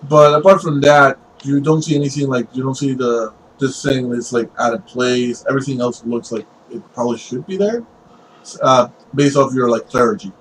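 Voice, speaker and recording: A man's voice: mid-range voice, moderate pace, slight background noise, rough recording. A man narrating as game master of a tabletop game, rambling with frequent fillers.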